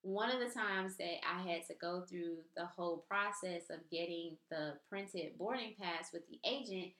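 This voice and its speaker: A woman's voice: lowish voice, moderate pace, fairly bright tone. A woman casually recounting an everyday story in a chatty, exasperated way, with lots of fillers. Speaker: vlogger. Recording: roomy echo.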